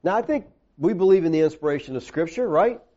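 A male preacher with a high but mellow, dark-toned voice delivers an emphatic sermon, pressing on key words. He quotes scripture in a lower, slower voice. The recording is dull and lo-fi. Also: expressive.

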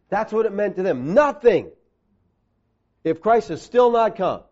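A man preaching a sermon, emphatic, dropping lower when he reads scripture aloud. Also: very animated, moderate pace, a little mellow. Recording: dull lo-fi recording.

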